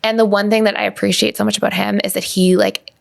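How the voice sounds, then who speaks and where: A woman talks quickly and casually as a guest, full of little fillers. Her voice has a noticeable gravelly fry at the ends of phrases. She sounds like she is in her thirties. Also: medium pitch, flat delivery. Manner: fast, chatty, filler-heavy with many likes. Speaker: guest, attachment coach. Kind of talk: casual conversational interview.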